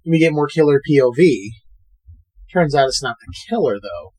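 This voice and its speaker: Higher-voiced man recapping a film. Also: moderate pace, husky. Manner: animated retelling, swears freely. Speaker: podcast co-host. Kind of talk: casual movie recap chat.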